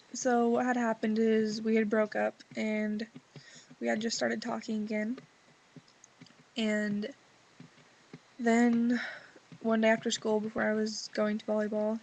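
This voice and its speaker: Sick teen girl with a gravelly voice. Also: fairly high pitch, low-quality recording. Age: teens. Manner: rambling, filler-heavy teen talk. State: sick, voice lower than usual. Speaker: vlogger. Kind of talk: reading a journal entry, then casual confessional chat.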